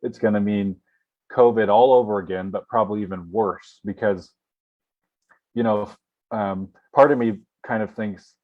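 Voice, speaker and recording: Man, low voice, hesitant political chat, muffled dry recording. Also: steady tone, moderate pace. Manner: hesitant, many fillers and restarts. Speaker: political talk show co-host.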